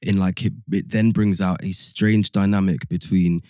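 Give me a man with a very low, mellow voice summarizing a discussion, recorded dry. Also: fairly even intonation, smooth, dry recording. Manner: summarizing, measured. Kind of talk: casual discussion.

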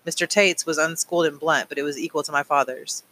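Guy reading a novel aloud, fairly high, bright clear tone, measured. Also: steady tone, rough recording. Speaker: audiobook reader. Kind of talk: audiobook narration.

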